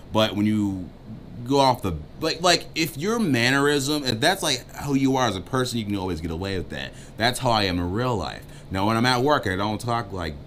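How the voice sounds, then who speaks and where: A man co-hosting a dating advice chat, joking and talking without a filter, swinging between loud bursts and muttered asides. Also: low voice, a little hiss or hum. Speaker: co-host giving dating advice. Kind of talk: casual uncensored chat.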